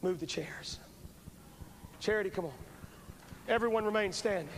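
At a moderate pace and in a voice that sits high, a man preaches a revival sermon with an altar call. He is an evangelist, fervent and urgent, pleading with the crowd and repeating his phrases. A poor VHS recording from a large church preserves it, complete with long hall reverb and faint hiss.

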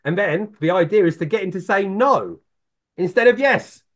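A middle-aged man talking as a sales expert guest on a podcast, lively and blunt, acting out phone calls and swearing freely. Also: high-pitched, moderate pace. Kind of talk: animated podcast talk.

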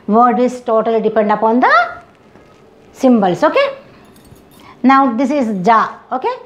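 Indian-accented woman teacher, unhurried, drills example words one by one, slightly high voice. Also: wildly swooping pitch. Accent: Indian English. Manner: slow, drawn-out, repeating each word several times. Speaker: English teacher. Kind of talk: phonetics lesson with slow repeated example words.

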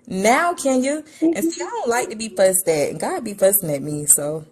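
A woman guest on a faith podcast, talking in a candid, animated, playful way. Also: mid-range voice, normal speed, few pauses, breathy edge.

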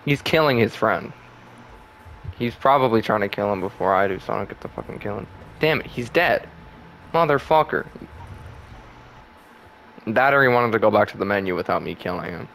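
A man's voice: lowish voice, fast, creaky, slight background noise. A young man giving casual gameplay commentary, swearing and trash-talking with frequent laughter. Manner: profane trash talk, laughs often, excitable. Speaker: gaming channel host.

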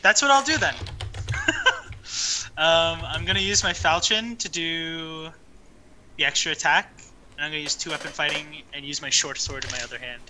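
A man's voice: fairly high pitch, steady tone, moderate pace, long pauses, bright, forceful tone. Laid-back young man on a noisy mic. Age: young adult. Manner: hesitant, laid-back, many ums. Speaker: player. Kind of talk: casual tabletop play.

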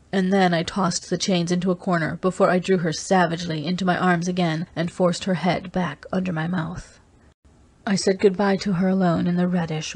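Husky woman narrating an audiobook. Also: lowish voice, a little mellow. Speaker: audiobook reader. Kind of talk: scripted first-person narration.

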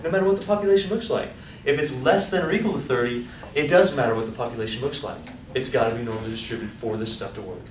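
Animated male lecturer, teasing his class; roomy, distant sound with faint hiss. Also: mid-range voice. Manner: animated, joking, asks class questions. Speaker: college statistics teacher. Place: lecture hall. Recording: echoey hall, voice off-mic, faint hiss.

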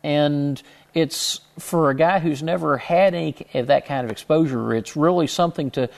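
A man's voice: fairly high pitch, moderate pace, vocal fry. A middle-aged man from Houston, a guest in an interview, telling his story in a rambling way and often correcting himself mid-sentence. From Houston, Texas. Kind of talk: conversational interview.

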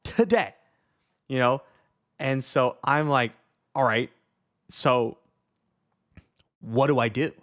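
A young man casually retelling a frustrating travel story, animated, swearing and laughing as he acts out both sides of the conversation. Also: medium pitch, slow pace, long pauses. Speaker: vlogger.

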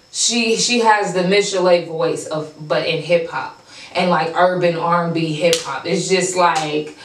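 A woman hosting a casual reaction show, gushing and excitable, repeating herself as she praises the freestyles. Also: on the low side, roomy sound, far from the mic, low-quality recording.

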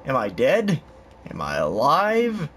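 A young man doing excitable, jokey let's-play commentary with loud outbursts. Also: medium pitch, slow pace, background noise. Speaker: gaming youtuber. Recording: commentary over game music.

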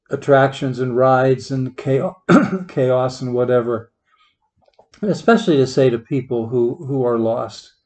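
A man's voice: mid-range voice, vocal fry, a little mellow. A man, a parish priest, giving an informal homily full of stories, folksy and rambling, often repeating his words. He is from the Pittsburgh area.

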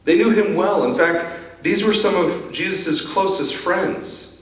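Guy preaching a sermon, kinda high voice, big echoey church, mic far away. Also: a little slow. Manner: earnest, repeats words when starting sentences. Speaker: pastor. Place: church sanctuary.

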